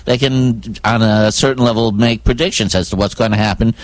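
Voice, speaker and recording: A man in a casual chat, calmly explaining a point in a measured, thoughtful way. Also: on the low side, dry recording, poor audio.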